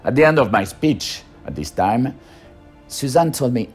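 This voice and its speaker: A man's voice: medium pitch, very animated, measured pace, breathy edge, faint music behind. A man with a French accent, giving a hesitant interview testimony full of fillers and restarts. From France.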